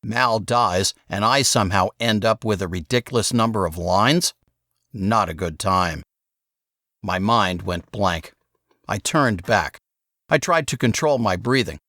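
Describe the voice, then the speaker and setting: A man narrating an audiobook in the first person, with expressive storytelling. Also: lowish voice, measured pace, no echo, clean studio sound.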